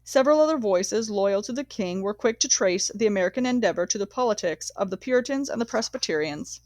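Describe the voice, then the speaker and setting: A woman reading a nonfiction history book aloud in a measured, steady way, sometimes correcting herself. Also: mid-range voice, no room sound. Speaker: audiobook reader.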